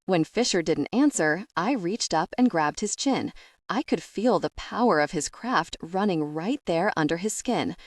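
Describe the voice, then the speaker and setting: A woman narrating a first-person audiobook in a measured, expressive way. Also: on the low side, dry recording, studio quality.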